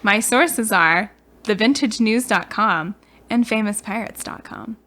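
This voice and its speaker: A young woman co-hosting a podcast, sharing lore in a loose, giggly way. Her voice sits at an ordinary mid pitch, and her sentences wander and trail off. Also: a little slow, a bit bright. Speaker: podcast co-host. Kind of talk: casual storytelling chat.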